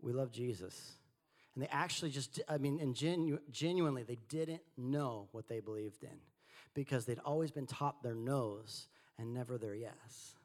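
A man preaching a sermon, swinging between quiet asides and animated, rising delivery. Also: normal speed. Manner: animated preaching, rising and falling in pitch and volume. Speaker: pastor.

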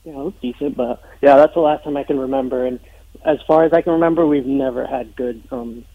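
Gravelly man calling in by phone. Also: medium pitch, fairly quick, no room sound. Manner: relaxed, hesitant with fillers. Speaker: caller. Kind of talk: phone-in chat. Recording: dull lo-fi phone line.

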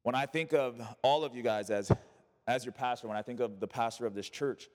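A man's voice: mid-range voice, a little fast, a little mellow, big-room sound. A man preaching as a pastor, reading scripture and then driving his point home with emphatic repetition and casual asides. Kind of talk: sermon.

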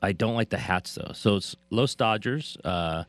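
A man's voice: lowish voice, normal speed, no room sound. A man co-hosting a casual sports chat, laughing often and trailing off mid-thought. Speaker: sports talk co-host.

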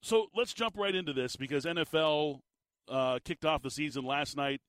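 A man hosting a sports radio show, ranting in an animated, incredulous way with a tired, slightly squeaky voice. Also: moderate pace, dry recording, clean studio sound. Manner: animated, incredulous rants with laughs. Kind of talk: sports talk radio monologue.

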